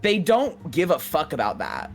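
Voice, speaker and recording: A woman's voice: deep voice, huge pitch swings, moderate pace, creaky, faint music behind. A woman co-hosting a podcast in casual chat, exasperated, swearing and laughing often. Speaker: podcast co-host.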